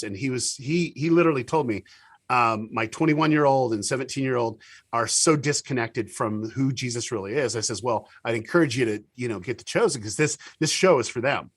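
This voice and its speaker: A man being interviewed as a TV producer, telling stories in a lively way, with many restarts and acted-out quotes. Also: mid-range voice, no echo. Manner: animated storyteller with many restarts and quoted dialogue. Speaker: guest, TV show producer. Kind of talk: casual interview talk.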